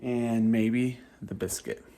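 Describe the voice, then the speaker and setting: A man's voice: mid-range voice, steady tone, slow, vocal fry, warm tone, slight background noise. A man talking casually to his vlog camera, rambling with lots of ums and uhs, sometimes with his mouth full. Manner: talks while eating. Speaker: vlogger.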